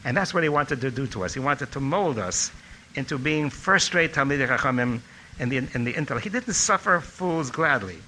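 A man's voice: medium pitch, a little fast, slight background noise, poor audio. An older man telling anecdotes about his former teacher in a reminiscing speech. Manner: storytelling, animated when quoting others. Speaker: former student giving a tribute talk.

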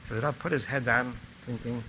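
Fairly quick and at medium pitch, an older man tells stories of a teacher he once had, delivering a reminiscing tribute as a former student. Quoting others makes him animated. There's a little hiss or hum in this low-quality recording.

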